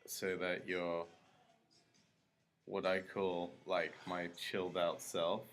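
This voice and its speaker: A man from London with a London accent, chatting in an interview, relaxed and a bit hesitant. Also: sits low, slow pace, faint music behind. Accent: London English. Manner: relaxed, hesitant, many "like" fillers. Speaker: guest. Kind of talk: casual interview chat.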